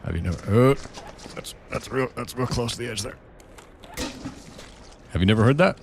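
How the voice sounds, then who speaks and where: A man's voice: medium pitch, animated, moderate pace, gravelly. A young man co-hosting a gaming channel, joking and swearing casually about glitches while he plays. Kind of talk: casual gameplay chat. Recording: noisy home recording.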